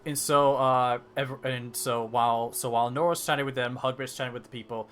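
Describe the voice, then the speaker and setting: A man narrating a tabletop game as dungeon master, halting with many fillers and restarts. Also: medium pitch, steady tone, a bit bright, slight background noise.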